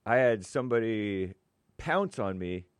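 A man's voice: fairly low pitch, animated, unhurried, clean tone, no room sound, studio quality. A man chatting casually as a churchgoing layman, rambling and hesitant, with fillers and self-corrections. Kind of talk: casual conversation.

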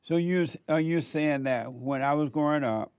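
A man with a voice a little higher than most men's, talking in a dry, close sound. He is a preacher who keeps prodding with quizzical, teasing questions in easygoing conversation. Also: moderate pace, darkish tone, clean tone, no echo. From Alabama, US. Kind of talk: casual conversation.

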